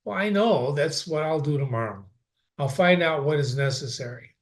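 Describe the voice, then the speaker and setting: Male reader doing a teasing, fond young wife, pitched slightly up. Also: animated, moderate pace. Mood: playful. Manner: affectionate, playful.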